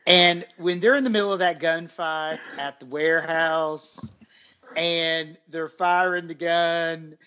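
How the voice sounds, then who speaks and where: A man's voice: on the high side, steady tone, takes it slowly, bright, forceful tone, clean tone, dull audio. An easygoing man co-hosting a podcast and chatting enthusiastically about a movie. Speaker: podcast co-host. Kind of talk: casual movie discussion.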